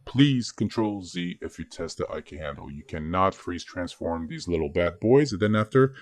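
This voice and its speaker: A man's voice: deep voice, expressive, moderate pace, hardly any pauses, no echo. A man teaching 3D character rigging in a screen-recorded tutorial, chatty and joking at himself as he works. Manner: chatty, self-joking asides. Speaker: 3D rigging instructor.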